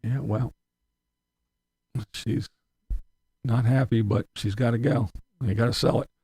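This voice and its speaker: A man's voice: medium pitch, fairly even intonation, a little slow, gravelly, warm tone, slightly rough, no room sound. A man hosting his channel, giving rambling, profane commentary in a casual tone with frequent chuckles. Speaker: channel host.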